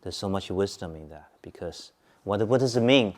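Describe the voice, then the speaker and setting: A man teaching Buddhism at a Zen centre, speaking calmly, repeating points and asking his listeners questions. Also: sits low, moderate pace. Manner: calm, repetitive, asks listeners questions. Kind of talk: Dharma talk to a group.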